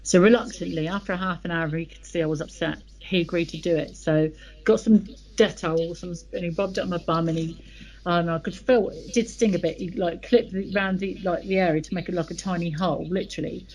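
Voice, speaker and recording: A woman's voice: fairly low pitch, brisk, poor audio. A woman telling a personal story as an interview guest, retelling conversations with frequent "I said, he said". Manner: lively retelling, quotes dialogue with many "I said, he said".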